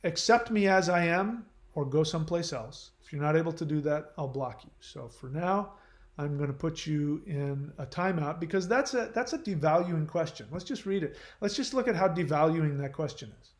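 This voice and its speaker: A man's voice: fairly high pitch, animated, normal speed, echoey room. A man hosting his channel, reading viewer comments aloud and answering them in a blunt, lecturing way.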